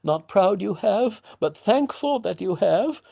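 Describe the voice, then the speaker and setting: A man reading the part of a blustering, pompous father who coaxes his daughter in a slow, sing-song voice. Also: high voice, lively intonation, gravelly, dark tone, voice pushed up, heavily acted. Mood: indignant. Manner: slow, sing-song coaxing like talking to a toddler. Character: blustering middle-aged father, pompous patriarch.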